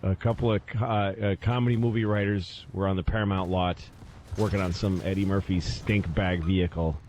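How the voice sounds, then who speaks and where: A man's voice: low voice, steady tone, brisk, a little mellow. Storytelling male co-host, faint hiss. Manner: storytelling, acts out scenes in put-on voices. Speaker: radio show co-host. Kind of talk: casual comedic chat.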